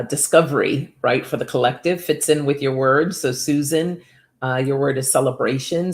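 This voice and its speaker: A woman's voice: extremely low pitch, vocal fry, darkish tone. A woman giving casual oracle card readings to viewers by name, chatty and upbeat, laughing often.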